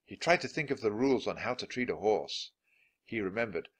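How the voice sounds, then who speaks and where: A man reading a children's chapter book aloud, clear and deliberate for learners of English. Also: lowish voice, lively intonation, fairly bright tone. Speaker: storybook reader.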